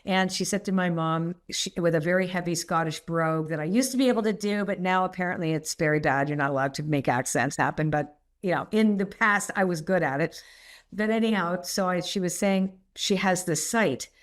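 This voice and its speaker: A middle-aged woman, a podcast guest, telling personal stories in a rambling, animated way and laughing often. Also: fairly low pitch, brisk. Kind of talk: candid storytelling interview.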